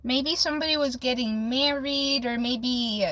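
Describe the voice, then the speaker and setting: A woman's voice: high-pitched, unhurried, fairly bright tone, no echo, poor audio. A young woman livestreaming tarot readings, chatting with viewers in a bubbly, giggly way. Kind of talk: casual livestream chat.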